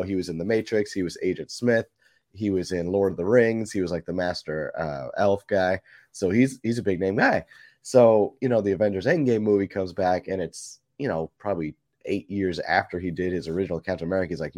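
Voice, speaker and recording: Laid-back low-voiced man telling stories. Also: fairly quick, a little mellow, no room sound. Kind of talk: casual chat.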